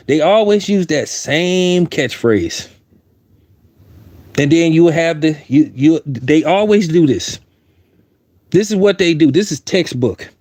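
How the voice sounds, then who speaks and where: A man's voice: on the high side, darkish tone, no echo. A man giving heated, blunt opinion commentary, repeating points for emphasis.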